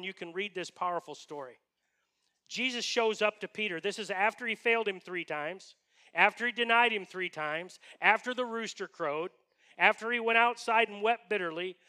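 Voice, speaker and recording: Male pastor, sermon, high voice, earnest, emphatic, rhetorical questions. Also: moderate pace, pushed and bright.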